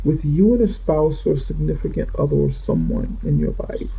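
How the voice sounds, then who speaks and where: A man reads tarot cards off the cuff, rambling and circling back to fix his own words. His voice is dark and gravelly with a husky edge. The recording sounds dull and muffled. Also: a little high, moderate pace. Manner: rambling, repeats and corrects himself. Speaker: tarot reader. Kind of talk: unscripted tarot reading. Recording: muffled lo-fi audio.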